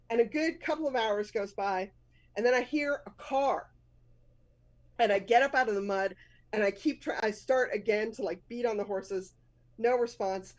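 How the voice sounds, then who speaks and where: A woman's voice: a little high, moderate pace, poor audio. A woman in her fifties with a Boston accent, hosting a live storytelling show, telling a personal story candidly and laughing often at herself.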